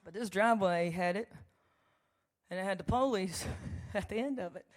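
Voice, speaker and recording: A woman's voice: medium pitch, normal speed. Folksy woman chatting in a reverberant hall. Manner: chatty, folksy and joking, with laughs and asides to the crowd. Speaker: songwriter performing live. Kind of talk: storytelling between songs on stage. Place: large church hall with a live audience. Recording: long reverb of a large hall.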